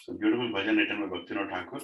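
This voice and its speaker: A man's voice: lowish voice, steady tone, rapid-fire, highs cut off. A man telling a devotional story to a gathering in a house, chatty and checking in with the listeners. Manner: conversational, asks the audience "right?". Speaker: devotional speaker. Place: room in a private house. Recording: roomy, distant mic, faint noise.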